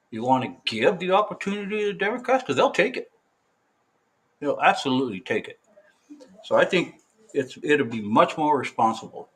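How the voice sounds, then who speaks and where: A man's voice: mid-range voice, breathy edge, poor audio. A man giving a casual, opinionated video update, rambling with fillers and restarts.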